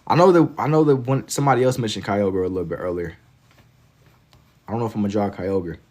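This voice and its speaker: Young man from Kentucky, slightly low voice, laid-back slangy livestream chatter while drawing. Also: fast, darkish tone. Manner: laid-back and slangy, reading chat aloud. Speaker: livestreaming artist.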